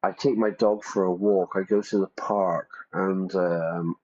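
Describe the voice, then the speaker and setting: Low voiced guy teaching english over a game stream, keeps going yeah?, kinda dull muffled sound. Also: unhurried, few pauses, darkish tone. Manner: chatty, checks in with frequent "yeah?". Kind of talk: casual teaching while gaming.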